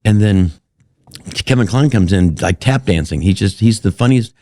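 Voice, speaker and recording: A middle-aged man, a comedian guest, telling animated, profane stories with laughs in casual chat. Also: fairly low pitch, normal speed, no echo. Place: live show venue.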